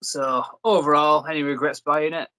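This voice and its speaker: A man's voice: a little high, steady tone, moderate pace, sharp tone, dry recording, poor audio. A young man hosting a review video, rambling and joking in casual chat. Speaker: reviewer and host.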